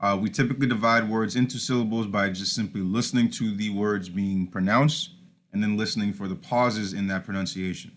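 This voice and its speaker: A man's voice: on the low side, fairly even intonation, brisk. A man teaching a recorded lesson over slides, informal, often starting with "all right" and correcting himself.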